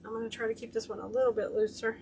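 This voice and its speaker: High-voiced chatty woman crafting. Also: little pitch movement, rapid-fire, a little mellow, slight background noise. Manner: chatty, gushing over her work. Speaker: craft tutorial host. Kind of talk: hands-on craft demonstration.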